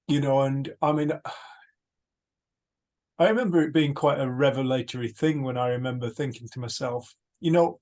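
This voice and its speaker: A man hosting a retreat over a video call, telling stories in an earnest, animated way. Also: medium pitch. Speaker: retreat host. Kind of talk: casual reflective talk.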